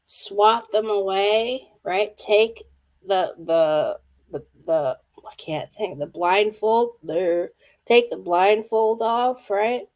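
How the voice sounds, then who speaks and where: A woman's voice: medium pitch, slow, a little mellow. A wheezy woman in her fifties giving a live card reading, speaking intuitively to viewers by name. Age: 50s. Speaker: tarot card reader.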